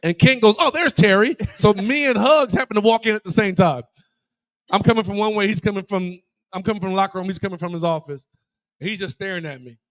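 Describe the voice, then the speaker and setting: A former college player and guest broadcaster tells casual stories at a live show in a bar, acting out the voices of the people in them. He has a high voice and talks fast, and the recording carries no room sound.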